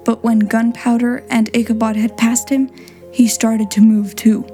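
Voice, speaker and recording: A woman reads a storybook aloud in a clear, simple way suited to learners. Her voice sits a little high but sounds mellow and warm. Soft music plays faintly underneath. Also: little pitch movement, measured pace. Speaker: narrator.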